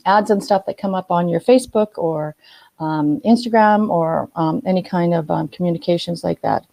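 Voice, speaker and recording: Woman vlogger, lowish mellow voice, hesitant live-stream delivery with frequent ums, dry close sound. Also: no echo. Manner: halting, many ums and restarts. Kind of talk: casual live-stream tips. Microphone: phone or webcam, looking at notes.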